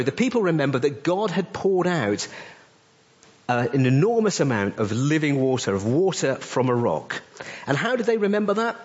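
A male pastor preaching a sermon with emphatic delivery, his voice rising on questions and dropping low on key phrases. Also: muffled recording. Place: church.

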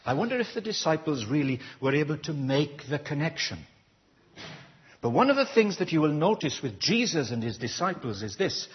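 A man preaching in a church service, questioning the congregation and leading a prayer with a slow, deliberate manner. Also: a little high, big pitch swings, muffled recording. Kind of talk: interactive sermon.

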